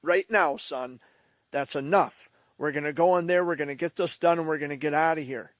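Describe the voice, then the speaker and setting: A man's voice: on the high side, fairly quick, no room sound, close to an everyday voice. A man voicing a stern father who firmly tells his son that's enough. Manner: stern, firm.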